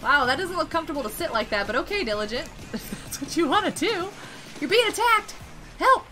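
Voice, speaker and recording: A woman streaming a game, chatting casually and excitably, greeting and thanking her viewers. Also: sits high, fast talker, soft background music. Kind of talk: casual live-stream chat while gaming.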